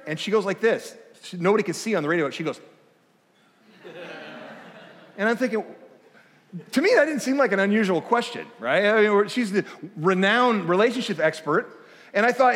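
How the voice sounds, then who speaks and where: A man giving a conversational guest sermon, animated and self-deprecating, acting out dialogue as he tells a story. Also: sits high, quick pace, long reverb tail. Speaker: guest speaker. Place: church auditorium.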